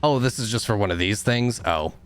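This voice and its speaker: A young man streams a game and talks to his chat as he plays. His pitch jumps all over and he swings from easy chatter to loud frustrated yelling. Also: a little fast. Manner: animated, frustrated outbursts, chatting with viewers. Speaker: gaming streamer. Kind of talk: live game commentary.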